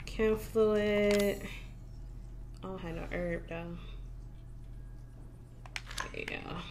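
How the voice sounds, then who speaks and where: A woman's voice: medium pitch, steady tone, very slow, noisy background. Chatty swearing woman streaming a game. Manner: chatty, swears freely, laughs often. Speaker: gaming streamer. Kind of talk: casual live-stream chat. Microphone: desk mic with facecam.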